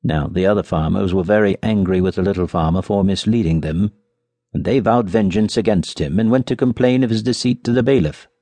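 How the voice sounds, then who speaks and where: A man narrating a fairy tale for an audiobook with an expressive storytelling delivery. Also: on the low side, fairly quick, no echo.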